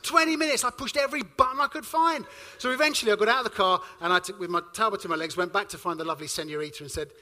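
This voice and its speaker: A man from the UK preaching a sermon, telling a personal story in an animated way and acting out the dialogue. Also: sits high, racing. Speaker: pastor.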